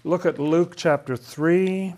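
A man's voice: a little high, fairly even intonation, slow, darkish tone. A man leading a casual Bible study, thinking aloud and asking questions about the passages.

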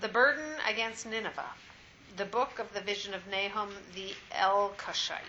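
A woman reading scripture aloud at a steady, measured pace in a Bible study. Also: mid-range voice, muffled recording, a little hiss or hum. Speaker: scripture reader.

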